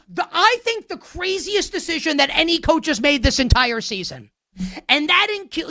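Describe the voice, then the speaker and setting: A man's voice: very high-pitched, sharp tone, no room sound, clean studio sound. A man hosting a sports betting show, delivering a heated, sarcastic rant with emphatic repetition. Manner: sarcastic, ranting.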